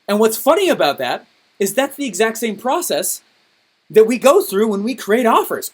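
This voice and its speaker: A man with a fairly high voice leads a coaching call for his students. He tells stories in an animated, enthusiastic way and keeps checking in with his listeners. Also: normal speed. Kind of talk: energetic coaching call with storytelling.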